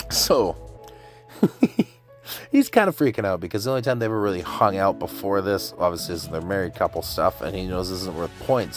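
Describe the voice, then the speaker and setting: A man casually recapping an anime episode, chatty and excited, slipping into quick voices for the characters. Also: fairly low pitch, soft background music. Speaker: anime reviewer.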